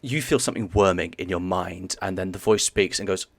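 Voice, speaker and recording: Narrating as the game master of a tabletop game, a man halts and hunts for words while describing the scene. His voice sits low with vocal fry, and there's no room sound.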